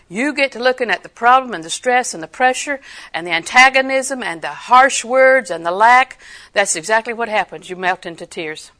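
An older woman preaching a sermon, emphatic and animated, acting out the people she quotes. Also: fairly high pitch.

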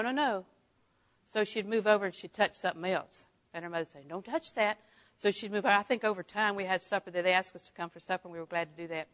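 An older woman delivers a Bible lesson with a bright, clear tone. She chuckles often and voices her own thoughts in quick quoted asides. Her delivery swings from soft, confiding remarks to loud, emphatic lines. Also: on the low side. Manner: lively, laughing often, acting out inner thoughts. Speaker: Bible teacher. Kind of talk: sermon.

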